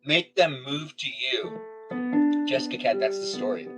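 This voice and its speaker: A young man chatting casually on a live stream, rambling playfully from topic to topic and now and then breaking into high squealing calls. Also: expressive, unhurried, over loud music. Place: home studio near a garage.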